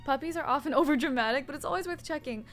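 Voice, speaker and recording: A young woman with a bright, high-pitched voice talks casually to her viewers from home while applying makeup. She rambles loosely and swears freely, and faint music plays behind her. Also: rapid-fire. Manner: rambling and profane, chatting with viewers. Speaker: streamer. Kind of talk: casual chat while doing makeup on stream.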